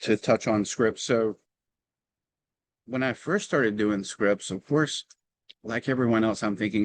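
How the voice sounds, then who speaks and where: A man with a Southern drawl talks through his approach on a video call. His voice sits fairly low, and his manner is relaxed and explanatory, with filler ums between thoughts. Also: measured pace, pauses often, dry recording, poor audio. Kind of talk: casual meeting talk. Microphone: video call microphone.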